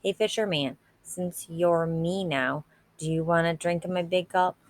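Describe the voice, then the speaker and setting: A swaggering teenage boy bully needles his target with mocking questions, as a woman reading a novel aloud voices him. The voice sits low and teasing. It is plain storybook read-aloud. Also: unhurried, natural voice. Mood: taunting. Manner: taunting, teasing.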